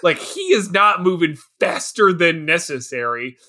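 Animated laughing man riffing on a movie. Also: a little high, measured pace. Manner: animated, laughing, exasperated outbursts. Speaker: podcast co-host. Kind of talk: casual comedic movie riff.

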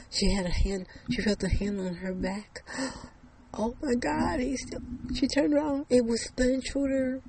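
A storyteller spinning a suspense tale at a slow, careful pace and slipping into hushed whispers. The voice is gravelly at a middling pitch, and a faint room hum sits behind it. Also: poor audio. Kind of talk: told story.

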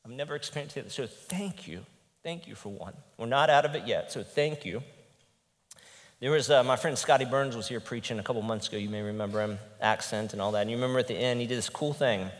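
A male pastor with a medium-pitched voice preaches a conversational sermon at a quick pace in a church sanctuary. He's earnest and candid, and his voice sometimes breaks with emotion, with long reverb from the large hall.

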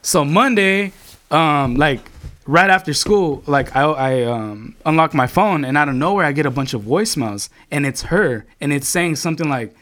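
A man's voice: a little high, lively intonation, moderate pace, fairly bright tone. A young man telling a long story to his friends in casual chat, rambling and swearing, with lots of filler words.

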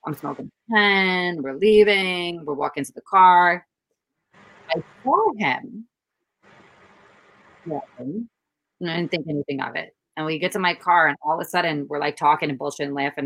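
A woman's voice: low voice, poor audio. A woman chatting casually, telling stories animatedly and acting out what people said. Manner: animated storytelling, acts out quotes. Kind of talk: casual chat.

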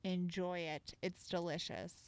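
A young woman co-hosting a casual chat show, giving animated, opinionated takes on food habits. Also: lowish voice, measured pace, dry recording, studio quality. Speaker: podcast co-host.

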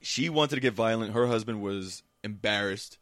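Lower-voiced man telling animated sports stories. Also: normal speed, dry recording. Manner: animated storyteller with many restarts. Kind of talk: casual chat.

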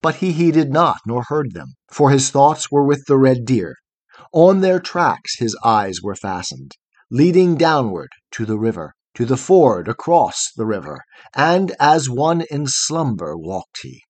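A man's voice: mid-range voice, very animated, measured pace, darkish tone, no echo. A man reading a long poem aloud in a rhythmic, chanting cadence. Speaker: reader. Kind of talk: poetry reading.

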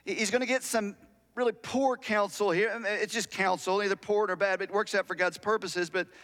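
High-voiced preacher in a reverberant hall. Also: male voice, steady tone, a little fast, fairly bright tone. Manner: conversational storytelling preacher, asks the audience questions. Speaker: pastor. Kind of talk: sermon.

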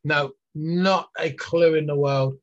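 A middle-aged man who used to be an athlete speaks slowly in a higher-leaning voice with fairly even intonation, candidly and earnestly reflecting on his story as an interview guest. Fillers and restarts are frequent, and the recording is dull and lo-fi.

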